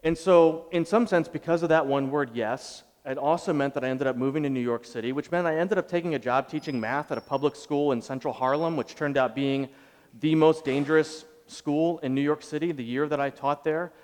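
A man's voice: fairly high pitch, fairly quick, a little mellow. A man in his thirties preaching a sermon, telling a personal story in a conversational way with joking asides. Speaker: pastor. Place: large hall with audience. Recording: roomy echoey hall, mic far off.

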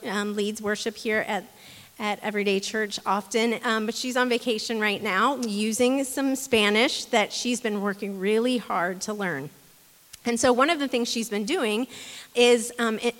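A woman with a slightly high voice speaks to her congregation in a relaxed, conversational way, filling her sentences with ums and restarting her phrases. Her words carry a long reverb through the church hall. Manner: chatty, with many ums and restarts. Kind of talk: casual conversational sermon.

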